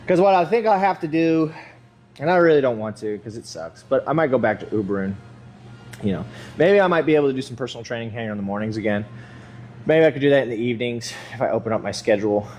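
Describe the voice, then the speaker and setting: A man's voice: medium pitch, lively intonation, quick pace, darkish tone, slight background noise. Rambling, profane young man in a gym. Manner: profane, rambling, self-mocking. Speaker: vlogger. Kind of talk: casual chat while working out.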